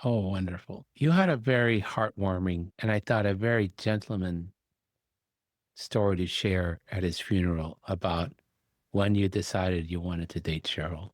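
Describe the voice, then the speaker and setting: Deep-voiced podcast host. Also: male voice, normal speed, no echo, studio quality. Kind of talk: interview questions.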